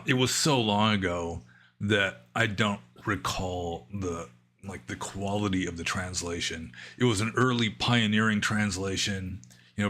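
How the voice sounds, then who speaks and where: A man answering viewer questions on a livestream, thinking aloud in a casual, rambling way with pauses and asides. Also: on the low side, sharp tone. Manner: musing, thinking aloud with fillers and trailing asides. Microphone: livestream microphone.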